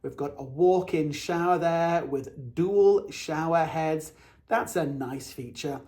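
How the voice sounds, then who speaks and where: A man's voice: a little high, slow, a little mellow. A man from England, a realtor narrating a home tour in an upbeat, chatty way as he points out the features of each room.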